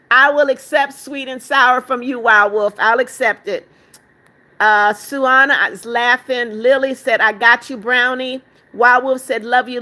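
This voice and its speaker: A woman's voice: a little high, pushed and bright. An older woman hosting a livestream, reading viewers' chat comments aloud and fondly calling them darling. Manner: affectionate, calls viewers darling. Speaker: livestream host.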